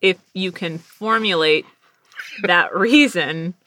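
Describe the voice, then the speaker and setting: Young woman guest, bright forceful voice, animated storyteller, laughs a lot. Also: on the low side, slow, no echo. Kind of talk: casual chat.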